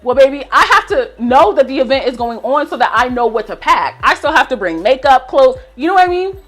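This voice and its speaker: A woman's voice: high voice, lively intonation, fairly quick, a bit bright, soft background music. A young woman in her twenties telling a storytime rant to her viewers, swearing and fired up as she vents. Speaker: vlogger.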